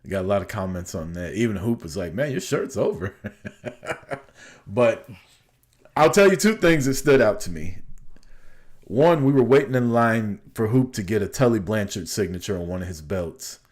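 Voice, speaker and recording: A man co-hosting a podcast, telling a profane, animated story in casual chat. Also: lowish voice, normal speed, pauses often. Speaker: podcast co-host.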